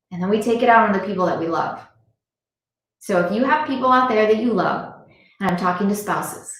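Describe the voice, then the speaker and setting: Earnest woman, very echoey room. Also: medium pitch. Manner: earnest, repetitive, direct address to viewers. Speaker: motivational speaker. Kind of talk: live-streamed motivational talk. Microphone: device camera on a live stream.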